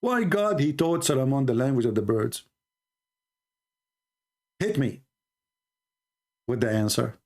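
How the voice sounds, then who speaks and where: A middle-aged man from the Middle East, hosting a live stream with a sarcastic, teasing monologue and drawn-out exclamations. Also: medium pitch, a little mellow.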